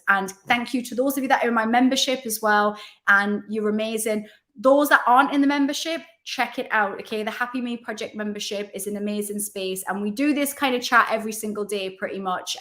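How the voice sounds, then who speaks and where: A woman's voice: medium pitch, a bit bright. Woman host, casual live chat, rambling and self-mocking, chatty and kind. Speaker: livestream host.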